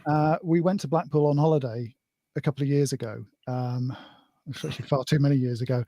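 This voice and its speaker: A man's voice: medium pitch, a little fast, darkish tone, no room sound, clean studio sound. British man in hesitant, chatty talk. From Britain. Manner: tells jokes with put-on voices, hesitant fillers. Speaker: guest. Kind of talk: casual chat.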